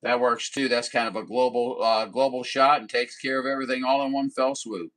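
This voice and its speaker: A man's voice: mid-range voice, fairly even intonation, fairly quick, a bit bright, low-quality recording. A man from southern Missouri chatting casually on a CB radio frequency, folksy and apologetic, with lots of fillers. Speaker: CB radio operator.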